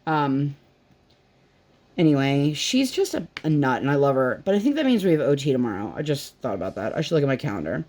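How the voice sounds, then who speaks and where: Chatty rambling woman, lively pitch. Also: brisk. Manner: rambling, chatty, acts out her daughter's questions in a higher voice. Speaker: crafting vlogger. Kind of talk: casual chat while crafting.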